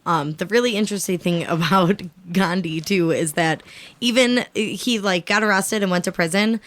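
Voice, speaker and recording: Easygoing woman co-host, slightly low voice. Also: a bit bright. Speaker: co-host presenting research. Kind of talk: casual talk show discussion.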